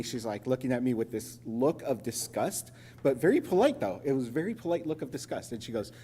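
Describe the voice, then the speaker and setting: A man from Los Angeles presenting at a conference, telling a joking story in an animated way. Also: medium pitch, brisk, breathy edge. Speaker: sponsor presenter. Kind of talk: conference talk with anecdote. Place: conference hall. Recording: reverberant conference hall.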